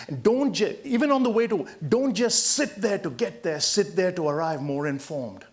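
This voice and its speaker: A man in his sixties from India giving a motivational talk to hospital staff, an emphatic storyteller who swings between loud punchlines and quiet asides. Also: a little high, very animated, brisk, few pauses. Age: 60s. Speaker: motivational speaker.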